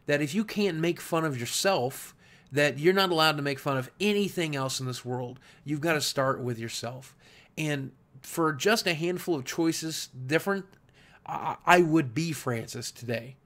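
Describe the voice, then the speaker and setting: A man's voice: fairly high pitch, moderate pace, a bit bright. A man from Southwest Virginia with a slight Southern US accent, talking candidly to camera as a YouTube creator in an earnest, reflective way, often restarting and repeating words. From Southwest Virginia, USA. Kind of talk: candid talking-head monologue.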